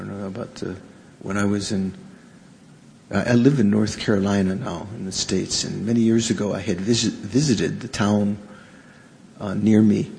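A man teaching Buddhism to a live audience in a halting, conversational way, often stopping to question his listeners. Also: fairly low pitch, creaky, a little mellow. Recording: reverberant hall, faint background noise.

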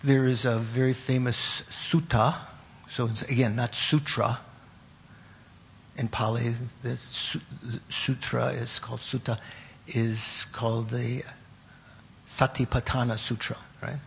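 Guy teaching a meditation class, gravelly voice, kinda halting, faint hiss behind him. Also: mid-range voice, little pitch movement. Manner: halting, repeats words, asks the class questions. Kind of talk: classroom lecture on Buddhist terms.

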